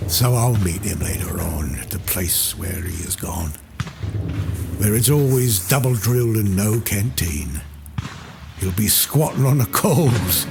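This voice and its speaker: A man giving a theatrical poetry recitation, voicing a rough soldier with dropped g's and sudden loud shouts. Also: on the low side. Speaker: poetry reader. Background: music score.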